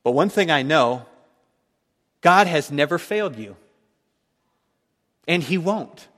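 A man's voice: on the high side, expressive, slow, pauses often. Man preaching in a reverberant hall. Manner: emphatic, swings from loud declarations to hushed tones. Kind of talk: sermon.

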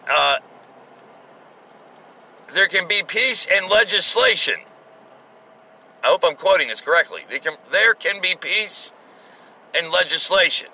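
A man's voice: on the high side, creaky, pushed and bright, rough recording. A man giving casual, sarcastic political commentary, ranting with profanity and exasperation.

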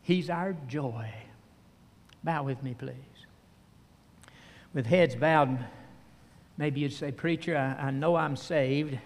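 Older male preacher, folksy sermon storytelling, slightly high voice, long hall reverb. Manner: folksy storytelling with fillers and pauses.

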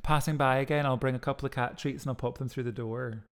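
A man's voice: medium pitch, fairly even intonation, quick pace, heavy background noise. Chatty Scottish man co-hosting a podcast. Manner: chatty, laughs easily, mimics voices in anecdotes. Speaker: podcast co-host. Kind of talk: casual chat.

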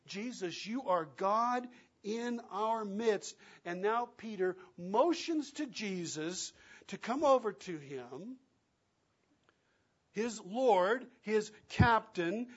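A man preaching a sermon, acting out quoted lines and swinging between loud and soft. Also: high voice, breathy edge, dull audio. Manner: dramatic, acts out quoted lines with big swings in loudness. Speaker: pastor.

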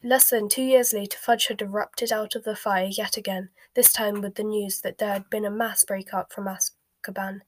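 A woman's voice: medium pitch, flat delivery, normal speed. Woman narrating a storybook in a whisper. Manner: soft, mostly unvoiced whisper.

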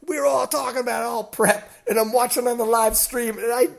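Guy hosting a podcast, high voice, acts out what people said, swears a lot. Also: a little fast, gravelly. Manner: animated storytelling, acts out shouted quotes; swears freely. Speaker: podcast host. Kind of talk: casual chat.

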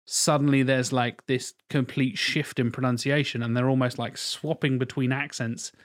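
A man's voice: medium pitch, level tone, normal speed. A man co-hosting a casual podcast chat, rambling with many fillers and the odd swear. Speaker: podcast co-host.

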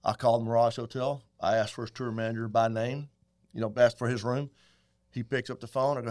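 A middle-aged man, a guest telling folksy, animated stories in casual chat. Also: medium pitch, brisk. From Texas. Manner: folksy, animated, acts out quotes. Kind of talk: casual storytelling.

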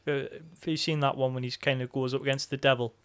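A man co-hosting a podcast in casual chat, animated, swearing freely and laughing often. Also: mid-range voice, fast, smooth. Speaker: podcast co-host.

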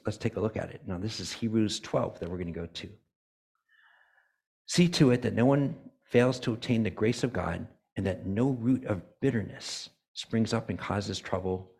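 Man, church elder preaching, deep voice, gravelly, conversational sermon, voices characters' thoughts. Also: a little mellow.

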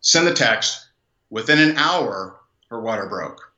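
A man telling a personal story as an interview guest, animated and rambling, with many fillers and restarts. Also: fairly low pitch, measured pace. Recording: dull, echoey room sound.

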